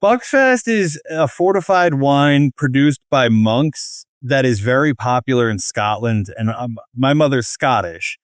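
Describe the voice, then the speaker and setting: A man's voice: medium pitch, lively intonation, measured pace, hardly any pauses, no room sound, clean studio sound. A man on a comedy podcast as the guest, telling rambling, self-deprecating stories in casual chat.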